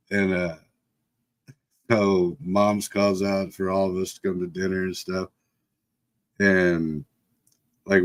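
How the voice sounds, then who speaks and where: A middle-aged man casually telling a childhood story on a live stream, swearing freely and laughing as he goes. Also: low voice. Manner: profane, laughs often while telling. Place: home setup for a live stream.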